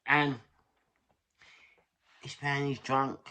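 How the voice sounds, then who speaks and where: A man's voice: medium pitch, monotone, very slow, sharp tone, clear, resonant tone. An older man with a London accent tells a rambling street story in casual chat, swearing and laughing at himself. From England. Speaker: vlogger.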